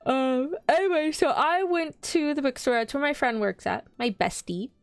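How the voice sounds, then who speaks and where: A woman's voice: sits high, normal speed, no echo, soft background music. A woman in her twenties streaming, chatting casually with viewers and telling stories in a bubbly way. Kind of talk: casual livestream chat.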